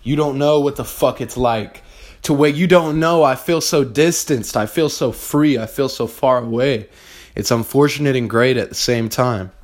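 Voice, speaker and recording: A young man talks straight at his listeners in a blunt, fired-up motivational rant. He swears freely and hammers his points home. His voice sits at an ordinary middle pitch for a man. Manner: blunt, profane and fired-up, addressing listeners directly. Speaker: podcast host. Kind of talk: motivational monologue.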